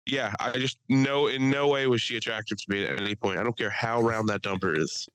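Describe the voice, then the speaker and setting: A podcast co-host tells crude jokes and rambling stories in casual, profane chat, tossing in quick asides. His voice is mid-range, a bit bright and clean in tone, though the recording is low quality.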